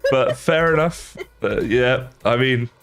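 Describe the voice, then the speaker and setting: A man's voice: mid-range voice, takes it slowly, a bit bright, faint music behind. An English man with a slight Australian tinge, chatting casually and rambling to viewers while he plays a game on a livestream. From England.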